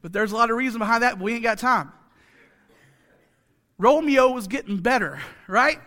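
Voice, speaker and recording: With a very high, pushed, bright voice and lively intonation, a male pastor preaches at a normal speed. The sermon is chatty and full of jokes, with phrases repeated for emphasis and many rhetorical questions and asides for the congregation.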